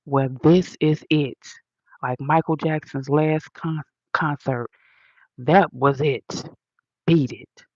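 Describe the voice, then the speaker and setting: Slow, gravelly woman ranting bluntly. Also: sits low, fairly even intonation, dry recording, muffled recording. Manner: blunt, profane, preachy slang. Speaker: livestream host answering comments. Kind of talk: casual livestream rant.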